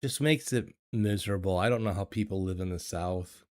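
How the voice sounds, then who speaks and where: A man's voice: low-pitched, fairly quick, dry recording, clean studio sound. An older man from the United States, hosting a casual livestream chat, talking hesitantly, repeating words and chuckling often. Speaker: livestream host reading chat. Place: home streaming studio. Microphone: desk microphone.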